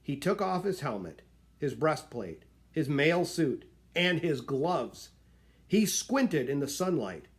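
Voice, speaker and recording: A man reading a children's picture book aloud in an expressive storytelling manner. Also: on the high side, takes it slowly.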